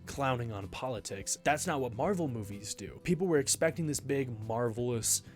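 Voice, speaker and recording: A man's voice: medium pitch, expressive, moderate pace, soft background music. A young man vlogging, telling a story casually with lots of fillers. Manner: rambling, filler-heavy retelling.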